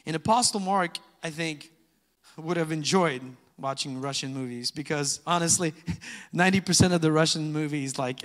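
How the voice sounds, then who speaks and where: A man preaching a sermon, reading scripture loudly and dropping into soft, chatty asides to the congregation. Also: medium pitch. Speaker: pastor. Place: church sanctuary. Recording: long hall reverb.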